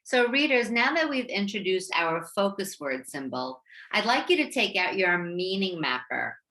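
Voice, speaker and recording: Female teacher, American accent, bright and lively delivery, unhurried phonics lesson for young kids. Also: medium pitch. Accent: American English. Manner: encouraging, stretches out sounds and syllables. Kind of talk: slow, clear classroom instruction for young learners.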